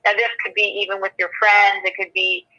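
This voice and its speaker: A middle-aged woman relationship coach giving an animated, emphatic presentation from slides. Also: medium pitch, brisk, dull audio. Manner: animated, emphatic, acts out quoted dialogue.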